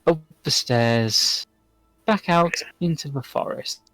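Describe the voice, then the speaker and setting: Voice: mid-range voice, slow, a bit bright, no room sound, soft background music. A game master wrapping up a live tabletop game stream, running through end-of-session awards and sign-offs.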